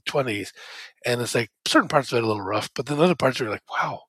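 A man talks in a loose, rambling way on a podcast, full of fillers and restarts. His pitch sits mid-range, and the recording is dry and close. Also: lively intonation, fast talker, a bit bright, slightly rough, no room sound. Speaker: podcast co-host. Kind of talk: casual chat.

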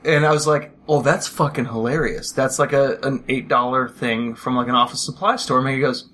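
A man's voice: medium pitch, steady tone, a little fast, a bit bright. A man co-hosting a podcast, telling a rambling story in casual chat and acting out the quotes. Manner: rambling storyteller, acts out quotes, laughs often. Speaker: podcast co-host. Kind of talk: casual chat about a film.

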